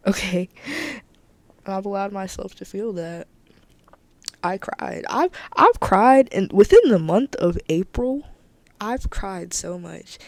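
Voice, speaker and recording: A woman hosting her own podcast, talking candidly and emphatically in a casual solo monologue, often repeating herself for emphasis. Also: mid-range voice. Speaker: podcast host.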